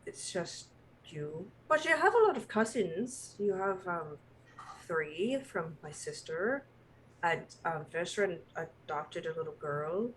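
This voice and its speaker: A woman's voice: on the low side, big pitch swings, slow pace, slight background noise, poor audio. A woman voicing a flustered bashful mother. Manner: hesitant, flustered. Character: bashful mother in a fantasy game.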